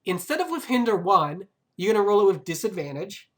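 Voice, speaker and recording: A man's voice: sits high, big pitch swings, fairly quick. A man running a tabletop game as game master, talking in an emphatic, bossy, profane way. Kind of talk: casual tabletop game chat.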